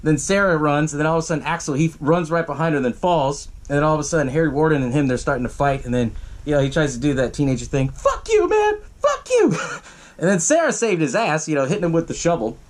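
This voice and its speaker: A man's voice: on the high side, racing. A young man hosting a podcast, casually recapping a horror film with lots of swearing and acted-out bits of dialogue. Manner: profane, animated retelling with acted-out quotes. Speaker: podcast host.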